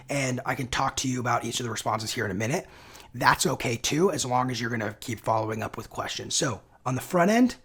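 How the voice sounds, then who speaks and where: Upbeat husky man teaching sales. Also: mid-range voice, a bit bright. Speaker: sales coach and channel host. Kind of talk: instructional video lesson.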